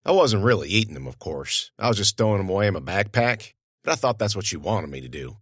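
A man's voice: on the low side, big pitch swings, quick pace, no room sound, clean studio sound. Folksy male audiobook narrator. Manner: folksy, conversational storytelling.

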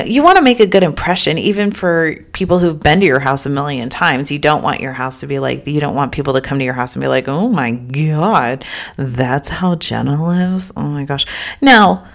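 A woman's voice: low-pitched, creaky. A woman in her thirties hosting a casual solo podcast, tired and chatting in a rambling way that keeps interrupting itself. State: tired, yawning. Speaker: podcast host.

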